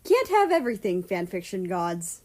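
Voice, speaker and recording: A woman's voice: mid-range voice, sing-song, moderate pace, darkish tone. A woman voicing a drunk young man who talks in a playful, teasing way.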